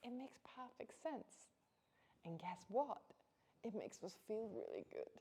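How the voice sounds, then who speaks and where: Mellow-voiced woman teaching Buddhism. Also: a little high, huge pitch swings, unhurried, husky. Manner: chatty and conversational, laughs often, restarts sentences. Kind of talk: informal dharma teaching to a class.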